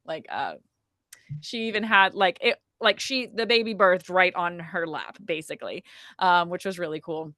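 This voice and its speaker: A woman with a bright, clear voice tells a personal story in a relaxed podcast chat. She is animated and talkative and fills her sentences with "like" and "um". The sound is close and dry. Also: lowish voice, normal speed, no room sound. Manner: chatty, frequent "like" and "um" fillers, animated retelling. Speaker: podcast guest telling her birth story. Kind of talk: casual conversational storytelling.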